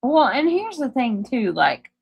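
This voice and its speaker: A woman's voice: sits high, very animated, a little slow, gravelly, breathy edge, no room sound, muffled recording. A woman with a Southern accent hosting a live stream, chatting casually with viewers and swearing freely. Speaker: livestream host. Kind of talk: casual live chat reading comments.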